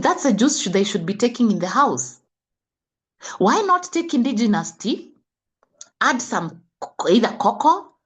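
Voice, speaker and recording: This is a middle-aged woman with a Kenyan accent, speaking as a health coach. She lectures parents in a preachy, scolding way and fires off rhetorical questions. Her voice sits a little high and leaps around with lively, animated pitch. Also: husky. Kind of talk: impassioned talk.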